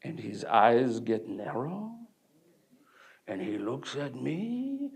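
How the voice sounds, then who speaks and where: A man's voice: medium pitch, wildly swooping pitch, slow, gravelly, exaggerated voice. An actor playing an exuberant French painter, telling his life story to a live audience in a village hall and joking with them. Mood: playful. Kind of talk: live one-man character performance.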